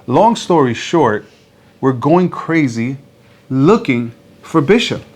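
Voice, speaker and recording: A man's voice: mid-range voice, big pitch swings, takes it slowly, breathy edge. A man preaching a sermon who tells a story with energy and acts out the people in it, in front of a congregation. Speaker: pastor.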